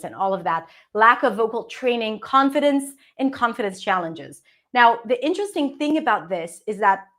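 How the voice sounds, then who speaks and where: An Israeli-accented woman, a native Hebrew speaker, walks learners through English pronunciation and fluency. Her voice sits a little high, and she keeps checking in with "okay?" and "right?" as she explains. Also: fairly bright tone. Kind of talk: teaching presentation.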